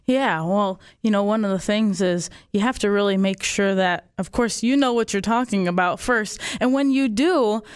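A woman's voice: medium pitch, moderate pace, hardly any pauses, smooth. A woman guest on a podcast who coaches instructors, talking in a friendly, conversational way. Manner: friendly, conversational, laughs often. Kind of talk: casual podcast talk.

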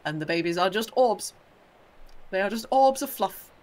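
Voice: mid-range voice, animated, darkish tone. A British co-host in casual livestream chat, rambling and opinionated and acting out little asides. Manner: rambling, opinionated, acts out birds in quick asides.

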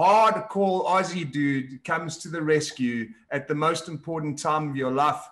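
A man's voice: a little high, unhurried, a bit bright. A man hosting an interview show, listening closely and asking reflective questions. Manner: attentive, frequent murmured agreement. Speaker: talk show host. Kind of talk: interview chat.

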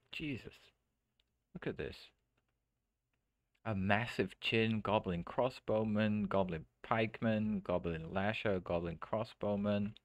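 Man, deep low voice, casual game streamer, chatty and rambling, dry close mic. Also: dry recording. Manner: rambling, chatty, thinks aloud with restarts. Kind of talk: casual let's-play commentary. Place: home streaming setup.

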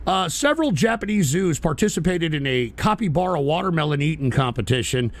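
Ranting, gravelly-voiced talk radio man. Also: fairly high pitch, sing-song, a little fast. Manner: profane, combative ranting with sudden shouting; mocking whiny impressions of critics. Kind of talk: live-stream talk radio rant.

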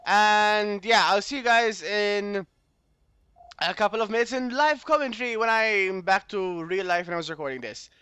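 A man's voice: sits high, moderate pace, pushed and bright, clean tone, no room sound. A man doing let's play commentary, reading game text aloud and grumbling and swearing when the game annoys him.

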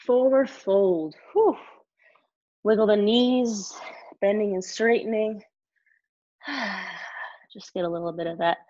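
Woman calling yoga cues, lo-fi sound. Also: medium pitch. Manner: calm step-by-step cues with frequent sighs and exhales. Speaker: yoga instructor. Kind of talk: guiding a live online yoga class.

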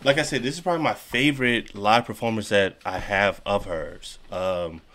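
A reaction channel host with a lowish voice speaks at normal speed, chatting casually and exclaiming as he watches a video. He's animated, laughs along, and sounds a little out of breath.

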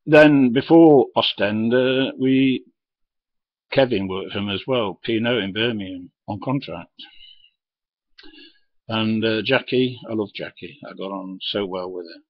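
Older bloke spinning trucking yarns, low husky voice, dull lo-fi sound. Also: male voice, a little slow, no echo. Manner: blunt, swears freely, acts out his own and others' lines. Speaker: retired lorry driver telling stories. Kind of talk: casual storytelling monologue.

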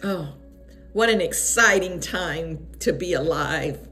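A woman's voice: sits low, expressive, slow, sharp tone, soft background music. A woman giving a fervent prophetic devotional message, repeating her key phrases for emphasis. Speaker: online devotional speaker.

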